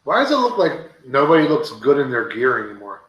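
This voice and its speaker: A man's voice: mid-range voice, wildly swooping pitch, brisk, fairly bright tone, muffled recording. Rambling man with a roomy echo. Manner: rambling, heavy fillers, teasing. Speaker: podcast co-host. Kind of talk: casual watch-along banter.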